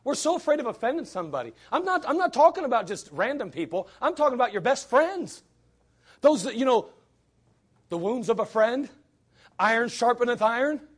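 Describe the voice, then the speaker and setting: A man's voice: extremely high pitch, big pitch swings, brisk, husky. A man preaching a sermon in a blunt, emphatic way, full of rhetorical questions.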